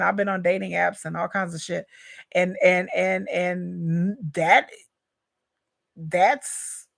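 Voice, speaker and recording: A woman's voice: lowish voice, vocal fry, dry recording, studio quality. A woman hosting a live reaction stream, speaking frankly and chattily to her viewers about her love life, often repeating herself and calling them "y'all.". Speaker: YouTube reaction host. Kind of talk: candid personal rant.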